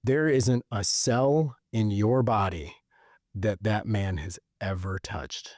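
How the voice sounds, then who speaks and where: A commanding motivational speaker, voiced by a man retelling the scene, presses each point in a slow, deliberate cadence. The voice sits low and mellow. The sound is dry and close. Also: dry recording. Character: commanding male motivational speaker addressing a crowd.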